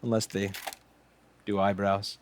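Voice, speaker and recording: A man's voice: on the low side, level tone, measured pace, a little hiss or hum. A man in his late twenties, hosting a casual livestream while doing repair work, chatting in a sarcastic, joking, rambling way. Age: late 20s. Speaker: repair technician and stream host.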